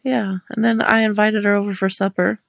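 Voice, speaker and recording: A woman in her thirties co-hosting a casual podcast, telling blunt, deadpan stories about her family. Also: medium pitch, fairly quick, creaky, dry recording. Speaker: podcast co-host. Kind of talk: casual chat.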